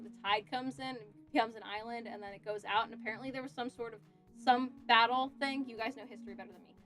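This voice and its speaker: A woman's voice: on the high side, a bit bright. A young adult woman chatting casually on a cosplay livestream while she works, telling stories with frequent giggles. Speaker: cosplay streamer.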